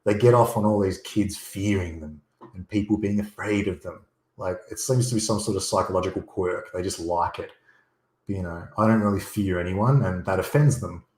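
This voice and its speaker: A man's voice: sits low, normal speed, a little mellow. A man talking as a guest over a video call, blunt and opinionated, swearing freely. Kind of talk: casual chat. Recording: echoey room.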